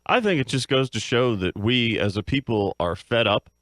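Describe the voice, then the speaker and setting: A man on a comedic advice panel, giving measured, slightly hesitant answers with dry wit. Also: medium pitch, expressive, fairly bright tone, no echo.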